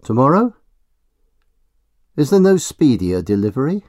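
A man's voice: medium pitch, very animated, a little slow, darkish tone, no room sound, studio quality, voice pushed up. A man voicing a mysterious bandaged male stranger who speaks in a muffled, terse and commanding way. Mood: impatient.

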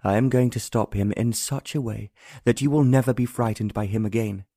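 A man's voice: on the low side, fairly quick, dry recording, studio quality. A man playing a tender, resolute nobleman. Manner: quiet, earnest. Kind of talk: audiobook narration.

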